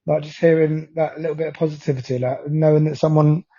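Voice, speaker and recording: A man's voice: fairly high pitch, flat delivery, fast, warm tone, slightly rough. A man chatting casually as a co-host, laid-back and laughing easily. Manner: laid-back, laughing, says mate and bruv. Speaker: podcast co-host. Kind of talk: casual chat. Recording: dull lo-fi sound.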